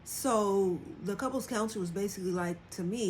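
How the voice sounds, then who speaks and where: Her medium-pitched, slightly mellow voice moves fairly quickly, with slight background noise present. The livestream host candidly reflects on her own experience in a casual way and imitates the people she quotes by changing her voice.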